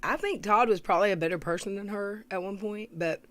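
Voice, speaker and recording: A woman, hosting a casual commentary livestream, reading viewer comments aloud and often clearing her throat. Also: medium pitch, brisk, a bit bright, no room sound. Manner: chatty, greets viewers, reads comments aloud.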